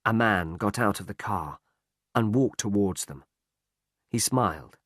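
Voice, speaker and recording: Slow, clear male story narrator. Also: fairly low pitch, animated, fairly bright tone, no room sound, studio quality. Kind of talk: scripted story narration for learners.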